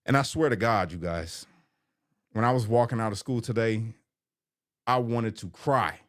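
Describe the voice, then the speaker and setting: Middle-aged man, low voice, confessional vlog delivery, candid and emotional. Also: moderate pace. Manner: candid, emotional, rambling with fillers. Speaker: vlogger. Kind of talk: personal vlog, confessional storytelling.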